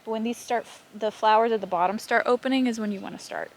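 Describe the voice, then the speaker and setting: A woman's voice: a little high, fast. A woman chatting casually as she walks around her farm, a bit out of breath, rambling and laughing now and then. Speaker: farm vlogger. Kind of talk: casual vlog chat. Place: outdoors on a farm.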